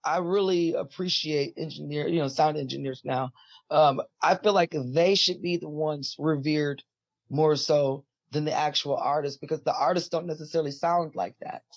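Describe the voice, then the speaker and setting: Guest voice: husky, deep-voiced woman, rambly and filler-heavy, dull dry lo-fi audio. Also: steady tone, normal speed, no echo. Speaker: musician guest. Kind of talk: casual interview talk.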